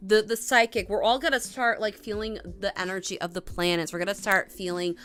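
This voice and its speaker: A woman's voice: medium pitch, fairly even intonation, a little fast, a bit bright, smooth. A young woman hosting a casual tarot and astrology livestream, rambling and chatty with lots of fillers and restarts. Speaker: tarot reader.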